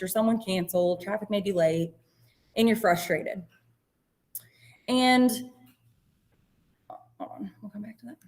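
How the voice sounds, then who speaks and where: A woman leads a casual workshop as a special education teacher. She talks in a chatty, self-deprecating way, often dropping into quick muttered asides. Her voice sits at an ordinary middle pitch. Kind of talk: informal presentation.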